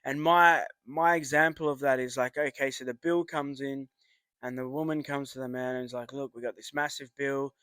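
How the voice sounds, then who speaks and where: A man's voice: medium pitch, steady tone, normal speed, pushed and bright, clean tone, no echo. Blunt, matey man with a dry, close sound. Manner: rambling, frequent swearing, acts out remembered conversations. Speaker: vlogger giving relationship advice. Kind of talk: casual advice monologue.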